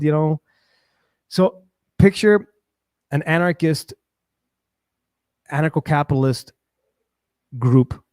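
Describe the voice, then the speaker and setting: A man hosting a show, talking in a casual, rambling personal monologue with frequent restarts and animated bursts. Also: a little high, moderate pace, long pauses, no echo, studio quality. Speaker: show host.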